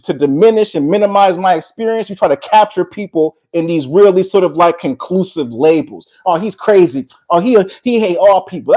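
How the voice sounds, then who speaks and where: A man's voice: high voice, a little mellow. A man delivering a combative, preachy monologue that alternates between heated talk and reading a prepared text, often repeating "all right". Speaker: commentary vlogger.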